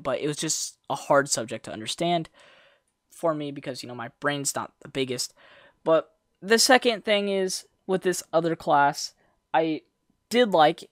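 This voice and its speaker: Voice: medium pitch, a bit bright, no room sound, clean studio sound. Rambling young storytime vlogger. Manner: rambling, slangy, with self-corrections and sarcastic asides. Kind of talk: casual storytime monologue.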